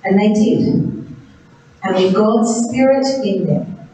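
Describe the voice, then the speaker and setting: A woman narrating a Bible story in a slow, deliberate way, in short phrases. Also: mid-range voice, mellow. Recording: very echoey room, distant mic, faint hiss.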